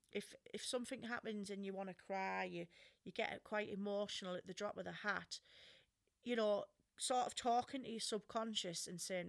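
A middle-aged woman with an English accent talks through self-help advice in a loose, conversational way. She is frank and chatty, drops in the odd swear word, and leans on plenty of ums and you-knows. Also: a little high. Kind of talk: casual advice talk.

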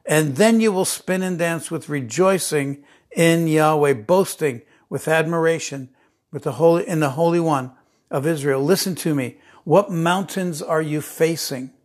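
A middle-aged man preaching a sermon, emphatic, repeating key phrases and dropping to a hush for tender lines. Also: a little high, measured pace.

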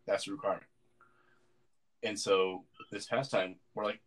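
A man's voice: fairly low pitch, flat delivery, normal speed, rough recording. A man in casual podcast chat, rambling through an anecdote with lots of fillers and restarts. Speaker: podcast co-host.

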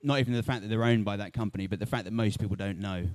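A man's voice: lowish voice, rapid-fire, a little mellow, no room sound. A man speaking frankly and critically on a panel. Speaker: event speaker. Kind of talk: panel talk.

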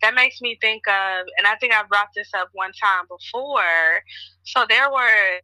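Woman from Chicago, podcast host, casual storyteller, bright tone. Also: mid-range voice, unhurried, no echo, poor audio. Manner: chatty, storytelling, frequent fillers. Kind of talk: casual conversation.

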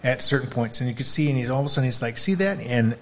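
A man telling a story in casual conversation, animated and acting out what other people said. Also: medium pitch, very fast. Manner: animated storyteller, acts out quoted voices. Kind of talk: casual chat.

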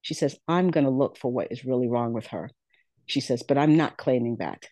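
With a bass voice that is warm and brisk, recorded without echo, a middle-aged woman shares her life story as a podcast guest. She is earnest throughout, repeating words and dramatizing the dialogue people directed at her.

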